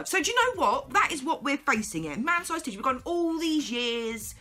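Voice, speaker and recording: A woman's voice: sits high, big pitch swings, moderate pace, hardly any pauses, bright, forceful tone. A woman, a vlogger, ranting to camera in an exasperated, sarcastic way and laughing along.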